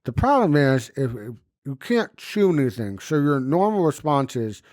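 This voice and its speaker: Recorded with studio quality and no room sound, this man co-hosts a podcast, his fairly high voice moving at a moderate pace. He tells stories animatedly in casual comedic chat, swearing a lot and performing the quoted voices.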